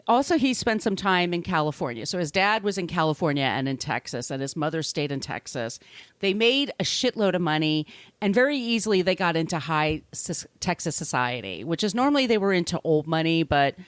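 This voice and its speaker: A woman's voice: low-pitched, dry recording. A middle-aged woman co-hosting a podcast, telling a story in a chatty, profane way and often restarting her sentences. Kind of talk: casual storytelling chat.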